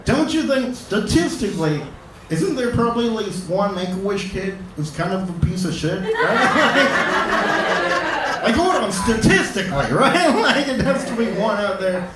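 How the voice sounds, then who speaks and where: A man doing a stand-up comedy set on a club stage, talking in a halting way with lots of fillers and restarts. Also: sits high, a little hiss or hum. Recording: roomy club, distant mic, loud audience.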